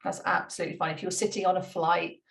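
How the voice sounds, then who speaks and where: A woman coaching a tapping routine in a chatty, light-hearted way, repeating gentle step-by-step instructions and laughing at herself. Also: on the low side, level tone, fast, creaky. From United Kingdom. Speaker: money mindset coach. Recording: roomy room, mic at a distance.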